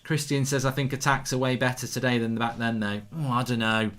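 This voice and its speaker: Excitable man hosting a football watchalong. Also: mid-range voice, brisk. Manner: excitable, cheering goals, reading viewer comments aloud. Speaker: watchalong host. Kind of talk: live football watchalong commentary and chat.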